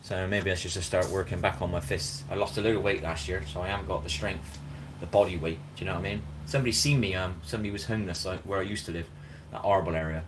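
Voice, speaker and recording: A man's voice: low-pitched, fast talker, noisy background. A man talking in a rambling, casual live-stream monologue, constantly asking "do you know what I mean". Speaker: vlogger. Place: outdoors in a park.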